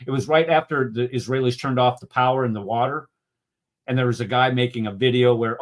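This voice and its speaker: A man's voice: medium pitch, a little fast. A man in a heated political discussion, indignant and mocking, often restarting his sentences. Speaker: discussion group co-host.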